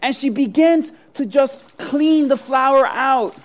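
High-voiced dramatic preacher. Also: slow. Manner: dramatic storytelling, big swings in loudness. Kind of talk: sermon.

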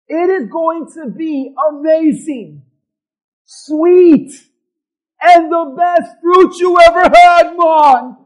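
A man's voice: very high-pitched, darkish tone, full character voice, poor audio. A man doing a friendly Jamaican neighbor.

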